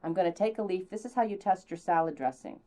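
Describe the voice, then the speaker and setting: A theatrical woman runs a cooking demonstration in a chatty, playful way. Her voice sits a little low for a woman, and she lets it leap up into high exclamations. Now and then she tosses in mock French phrases. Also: lively intonation, fast talker, warm tone. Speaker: cooking show host.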